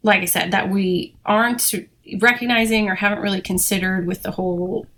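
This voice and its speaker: A woman's voice: mid-range voice, fairly even intonation, normal speed, fairly bright tone. Woman, 30s, chatty podcast guest, many fillers, faint room noise. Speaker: veterinary technician guest. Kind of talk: casual podcast conversation.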